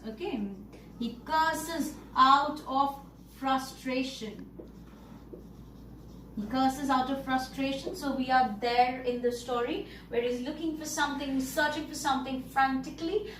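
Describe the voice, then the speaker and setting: A woman's voice: high-pitched, recorded from a distance, a little hiss or hum. A woman teacher explaining a story to pupils, repeating and rephrasing words as she goes. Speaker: English teacher. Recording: echoey room, voice a bit off-mic.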